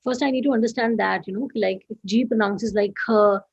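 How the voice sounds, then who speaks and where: A female learner joins an online lesson and keeps asking how sounds are said. Her slightly high voice is husky. It comes through dull, dry video call audio. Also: brisk, dry recording. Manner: inquisitive, asks for repetition, tries out sounds. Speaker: language student.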